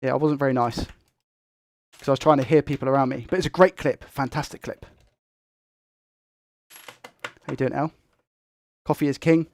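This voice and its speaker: Fast-talking man hosting a live stream. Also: medium pitch, steady tone, darkish tone. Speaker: tech livestream host. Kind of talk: live stream chat, reading viewer comments.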